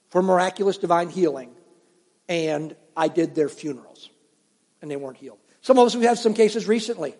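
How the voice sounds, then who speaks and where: A man's voice: sits high, a little mellow. A middle-aged man preaching a sermon as pastor, talking conversationally and telling stories while putting questions to his congregation. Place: church sanctuary. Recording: long hall reverb.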